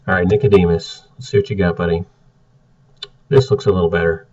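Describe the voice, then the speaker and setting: Blunt low-voiced man, muffled and distant. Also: normal speed, long pauses, darkish tone. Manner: blunt, exasperated critic. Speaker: card game deck reviewer. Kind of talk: casual commentary.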